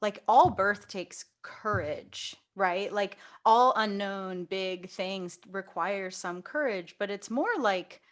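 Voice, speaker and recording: A woman's voice: mid-range voice, slow, few pauses. A woman hosting a podcast interview in a casual, talkative way, often saying "like". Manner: talkative, peppered with "like". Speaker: podcast host.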